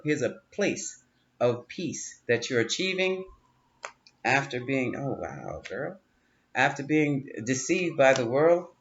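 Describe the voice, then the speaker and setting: A man's voice: mid-range voice, big pitch swings, slow pace, a bit bright, a little hiss or hum. A man reading tarot cards, talking in a chatty, coaching way, often repeating words and breaking into laughter. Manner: coaching, reassuring tone. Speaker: tarot reader. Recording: dull lo-fi audio with faint room ambience.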